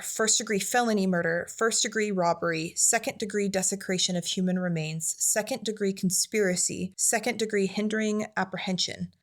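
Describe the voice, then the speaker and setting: True crime podcast lady going through the case details, steady and even. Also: medium pitch. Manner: measured, recounting case details. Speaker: podcast co-host.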